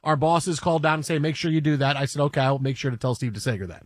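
A man hosting a sports radio show in a studio, talking in casual, animated banter and repeating himself for comic effect. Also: on the high side, fast talker, no echo. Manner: animated, repetitive, mock-dramatic asides. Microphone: studio microphone.

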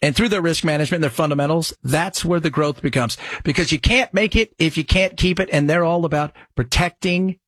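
A talk radio host, a man with a slightly husky, raised voice, rambles from story to story in a loose conversational way. His studio mic sounds dry and close, with no room in it. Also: a little high, fairly quick, hardly any pauses, fairly bright tone, no echo. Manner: rambling, conversational, jumps between topics. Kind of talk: casual radio talk and live reads.

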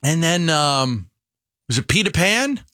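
A man's voice: a little high, sing-song, a little slow, pushed and bright. A man co-hosting a sports radio show in casual chat, emphatic and prone to repeating himself and restarting sentences.

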